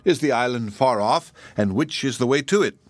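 A man's voice: medium pitch, animated, normal speed, dry recording, lightly acted. A man reading the part of a vain, proud king in a lofty, commanding manner. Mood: haughty.

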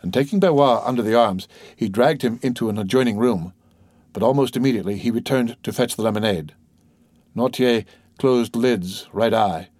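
A man with a medium-pitched voice reads a classic novel as an audiobook, giving steady, measured scripted narration. It's a clean studio recording with no room sound.

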